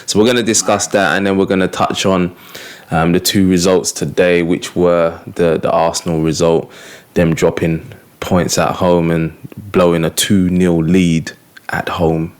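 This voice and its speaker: Pria yang santai memandu podcast sepak bola, suara agak rendah, sering tertawa. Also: male voice, sits low, level tone, unhurried, clear, resonant tone. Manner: laughs a lot, slangy and upbeat. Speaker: podcast host. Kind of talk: casual football podcast chat.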